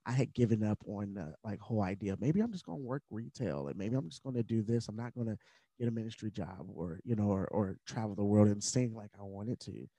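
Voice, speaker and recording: A man speaks as a podcast guest, sharing his story in an earnest, candid and casual way. His voice sits low with a warm, mellow tone. The recording is dry and close. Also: expressive, fairly quick, no room sound. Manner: earnest, candid, at times emotional; conversational with fillers like uh and like. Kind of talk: personal storytelling in conversation.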